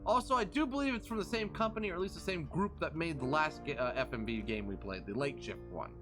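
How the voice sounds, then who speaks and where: A man's voice: on the high side, lively intonation, fast, music in the background. A young man streaming a game, chatting playfully with his viewers as he plays. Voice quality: playful, chatty, talks to chat. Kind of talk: live game stream commentary.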